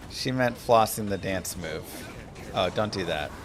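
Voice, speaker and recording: A man's voice: sits low, a little slow, background noise. A man streaming a game, chatting in a wry, casual way and answering messages. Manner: wry, chatty, talks back to alerts. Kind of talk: casual gaming commentary.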